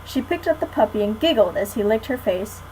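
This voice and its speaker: A teenage girl reading a children's book aloud to a class in a friendly, clear way. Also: on the high side, expressive, fairly quick, a little mellow, a little hiss or hum, poor audio. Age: teens. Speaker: guest reader.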